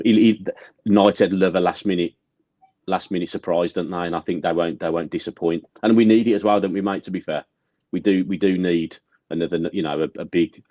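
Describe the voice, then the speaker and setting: A man's voice: low-pitched, mellow, no room sound, dull audio. A man co-hosting a casual fan podcast, jokey and full of banter and firm opinions.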